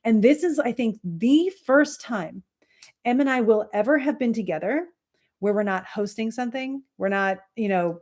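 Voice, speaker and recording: A woman in her thirties hosting an astrology livestream, chatting casually with viewers in a rambling way, with many fillers and soft laughs. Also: medium pitch.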